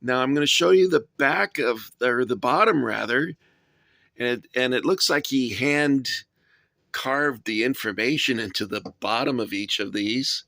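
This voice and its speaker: A man's voice: medium pitch, measured pace, creaky, pushed and bright, dry recording, clean studio sound. A middle-aged man hosting a casual vlog, rambling and self-deprecating as he shows off his toy soldier collection. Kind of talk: casual show-and-tell vlog.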